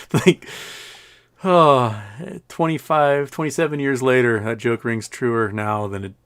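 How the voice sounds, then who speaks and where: A man's voice: medium pitch, steady tone, measured pace, clean tone. Rambling, joke-telling male livestream host. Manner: joking, rambling, laughs at his own jokes. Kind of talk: casual livestream chat.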